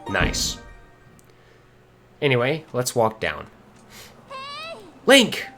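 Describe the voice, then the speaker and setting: A man giving excitable, casual commentary while streaming a game, often swearing and laughing. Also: mid-range voice, moderate pace, soft background music.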